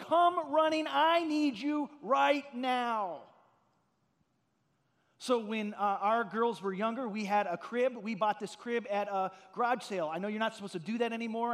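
High-voiced pastor preaching in a reverberant hall. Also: male voice. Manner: earnest storytelling, rising to loud emphatic peaks. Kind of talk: sermon.

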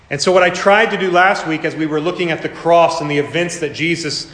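A man's voice: fairly high pitch, a little fast, hardly any pauses, a bit bright. A man preaching a sermon as pastor, earnest and dramatic, sometimes putting on mocking voices. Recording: echoey hall with long reverb.

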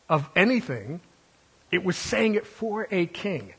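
A man preaching a sermon as pastor, swinging between booming proclamations and sudden quiet drops, with filler words as he reasons aloud. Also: expressive, a little slow, breathy edge.

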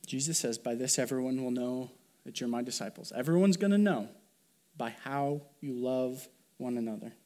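A man's voice: mid-range voice, normal speed, dark tone. A male pastor delivering a conversational sermon, asking the congregation questions and pressing his points with emphasis. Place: church sanctuary.

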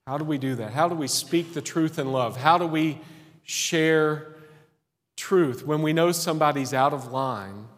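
A man preaching a sermon in an earnest, folksy way, with pauses between phrases and laughs at himself. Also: fairly high pitch. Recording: long reverb of a hall.

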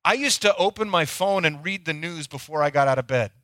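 Guy pastor preaching a sermon, kinda high bright voice, goes from loud to almost whispering, dry close sound. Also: animated, fairly quick, no echo. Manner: dynamic preaching, swinging from loud acted pleas to near-whispers.

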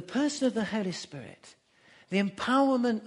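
Guy preaching, pretty high voice, keeps repeating himself for emphasis. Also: expressive, moderate pace. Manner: emphatic, repeats key phrases. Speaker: pastor. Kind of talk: sermon.

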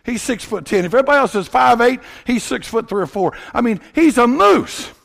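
A man from Tennessee, preaching a sermon in a folksy, animated storytelling way that swings up to shouting. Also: extremely high pitch, brisk, creaky.

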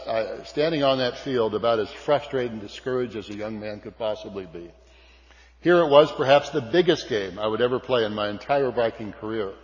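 An older man from California telling a folksy, self-deprecating story to an audience, with frequent fillers and restarts. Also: medium pitch. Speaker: speaker. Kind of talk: storytelling speech. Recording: dull sound with long hall reverb.

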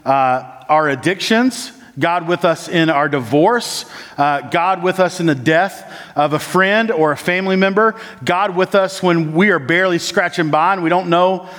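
This sermon comes from a church planting resident whose speech is full of "uh" and "like" fillers. He shifts from loud, pressing lines down to soft, slow, low ones, all echoing with long church-hall reverb.

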